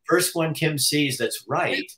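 A man's voice: on the high side, animated, slow, heavy background noise. A man hosting a live show, teasing and joking through casual banter. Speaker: show host. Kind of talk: casual live-stream chat.

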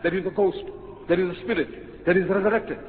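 A high-voiced man lectures to a hall, his pitch leaping as he fires off rhetorical questions. The recording is tinny and lo-fi, with a long hall echo and faint hiss. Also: brisk. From South Africa. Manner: animated, rhetorical questions, acts out quotes. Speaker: religious lecturer. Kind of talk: public lecture.

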